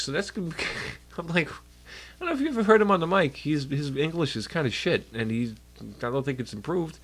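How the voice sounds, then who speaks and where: Into a desk mic at home, a young man casually talks on his livestream, rambling, swearing, joking and responding to chat, his nose a little stuffed and nasal. He speaks fairly quickly at medium pitch, with lively intonation, a fairly bright tone and a breathy edge.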